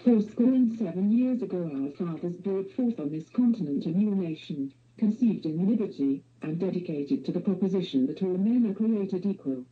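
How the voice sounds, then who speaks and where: A woman's voice: on the low side, moderate pace, few pauses. A female computer text-to-speech voice with a British accent, reading evenly through dull playback. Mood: measured. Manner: even synthetic reading. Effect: text-to-speech synthesis.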